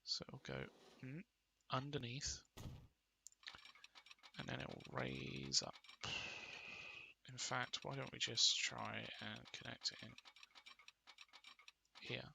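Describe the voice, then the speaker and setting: A man's voice: mid-range voice, slow pace, vocal fry, pauses often, sharp tone, a little hiss or hum. A man giving casual commentary while playing a game, muttering to himself and getting mildly exasperated. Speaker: gaming video creator.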